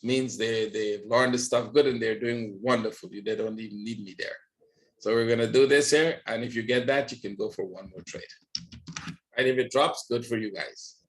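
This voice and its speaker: Running a live screen-share session on market analysis, this man guides viewers through trading charts and frequently asks "right?" to check in. His voice is on the low side and he speaks at a moderate pace.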